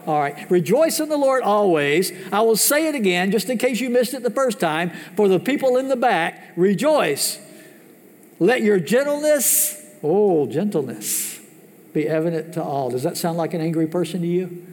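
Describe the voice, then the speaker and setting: A man preaching a sermon as pastor, asking the congregation questions and swinging between loud, high emphasis and hushed, low asides. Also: very animated, fairly quick. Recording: long hall reverb.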